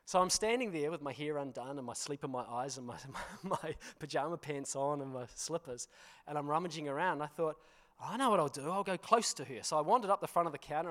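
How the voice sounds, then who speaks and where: A pastor with a fairly high voice delivers a storytelling sermon, recounting tales in an animated, self-deprecating way and laughing at himself. He keeps checking in with the congregation, peppering his speech with "you know" and "hmm?".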